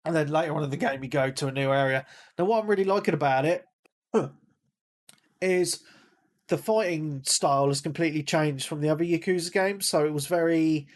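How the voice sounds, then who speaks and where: A man co-hosting a gaming podcast in casual chat, rambling and repeating himself, hoarse as he loses his voice. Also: on the high side, brisk. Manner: rambling, repeats words, calls himself a big nerd. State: losing his voice, coughing. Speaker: podcast co-host.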